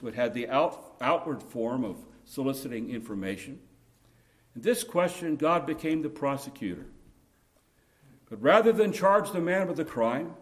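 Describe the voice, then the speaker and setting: A man preaching a sermon earnestly, building to impassioned emphasis at key points. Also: on the high side. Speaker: pastor.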